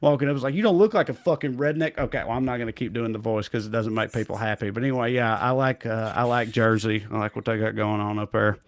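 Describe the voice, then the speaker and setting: A man's voice: on the low side, fairly even intonation, fast talker, few pauses, clean tone. A man with a Southern US accent hosting a casual comedy chat show, reading viewer comments aloud, joking about himself and laughing often. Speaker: show host.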